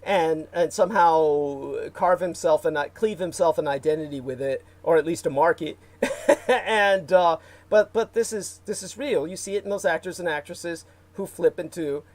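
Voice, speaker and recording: A man's voice: on the high side, normal speed. A man hosting a casual livestream, rambling with many fillers and restarts and reading out viewer comments. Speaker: livestream host.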